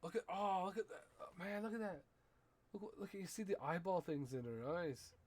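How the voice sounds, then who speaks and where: A man's voice: sits high, normal speed, slight background noise. A man streaming a game in casual commentary, chatting playfully to the characters on screen with lots of little exclamations.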